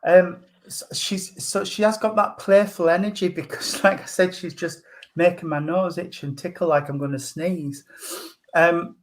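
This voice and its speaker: A man giving a mediumship reading at a service, speaking gently and hesitantly with many pauses. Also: high-pitched, fairly even intonation. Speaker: spiritualist medium.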